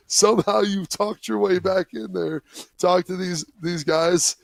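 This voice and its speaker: A man in his forties, a former football player, remembering a late friend on a talk show, telling stories with quick quoted voices. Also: high-pitched, gravelly, no echo. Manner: storytelling, animated, slips into quoted voices.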